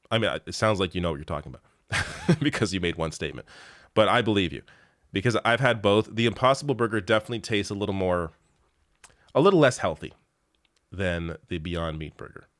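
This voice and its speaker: A man's voice: on the low side, a bit bright, dry recording, clean studio sound. A man hosting a live show, chatting casually and reading viewer comments in a rambling way, laughing often and swearing freely.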